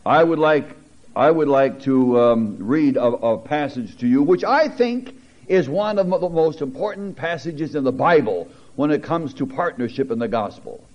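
A man preaching a sermon, reading scripture aloud with teacherly asides and building to emphatic, animated peaks. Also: fairly high pitch, normal speed. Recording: dull lo-fi recording.

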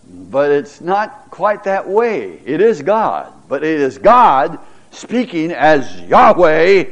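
Slow, animated male Bible teacher. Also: high voice, dull audio. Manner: dramatic scripture reading with stutters acted out; halting, repeats words with frequent fillers. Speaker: pastor teaching a Bible class. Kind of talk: Bible class lecture.

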